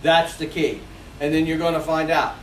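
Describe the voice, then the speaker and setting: A man's voice: fairly high pitch, level tone, moderate pace, slight background noise. A man in his forties, a sales trainer, leading a seminar and acting out customer phone calls with lots of energy. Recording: echoey room, mic from a distance.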